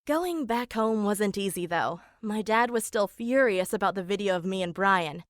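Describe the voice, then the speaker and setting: A woman's voice: medium pitch, lively intonation, normal speed, no echo, studio quality, natural voice. A woman voicing an eighteen-year-old girl narrating her own story in an animation, in a plain, matter-of-fact way, as scripted first-person narration. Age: young adult.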